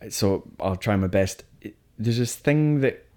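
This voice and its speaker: In casual chat on the film podcast he co-hosts, this man sounds animated, his fairly low voice a little mellow and his pace a little slow. He reviews films with plenty of opinion and often restarts his sentences.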